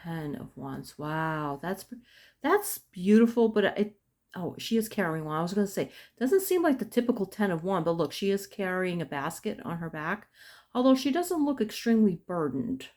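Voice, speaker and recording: A woman casually chatting through an unboxing, murmuring card names and softly admiring the artwork as she flips through the deck. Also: fairly low pitch, sing-song, moderate pace. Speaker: tarot unboxing vlogger.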